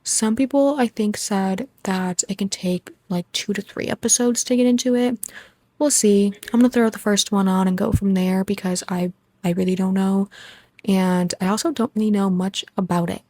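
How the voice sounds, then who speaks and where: A young woman vlogging casually at home into her phone, chatty and excitable as she talks to her viewers. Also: mid-range voice, normal speed, no room sound. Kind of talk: casual vlog chat.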